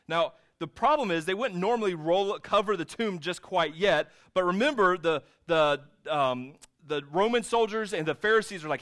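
A pastor delivers a sermon with a notably high-pitched voice. He is a man retelling the scene in loose, conversational storytelling, speaking to a church congregation. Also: animated, normal speed, a bit bright. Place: church sanctuary with a screen.

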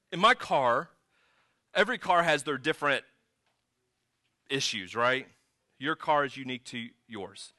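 A man's voice: mid-range voice, expressive, measured pace, pauses often, bright, forceful tone, no room sound. A man preaching a sermon as pastor, mixing conversational storytelling with sudden emphatic rises.

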